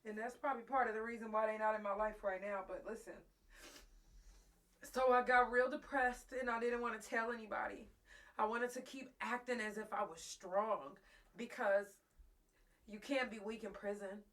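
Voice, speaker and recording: A woman with a slightly high, steady, somewhat bright voice speaks at a normal pace. She's hosting a live talk show, close to tears as she tells her listeners a raw, profane personal story, speaking to them directly and emotionally.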